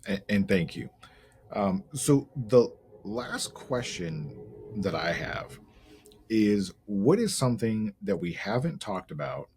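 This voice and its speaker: Middle-aged guy hosting a chat, low husky voice, kinda halting and thoughtful. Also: sing-song, darkish tone. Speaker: podcast host. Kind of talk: casual interview chat.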